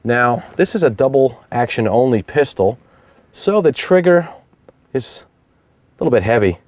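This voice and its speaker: A man's voice: medium pitch, animated, normal speed, darkish tone, no room sound. A man hosting a product review, talking casually and upbeat as he explains each step of a demonstration outdoors.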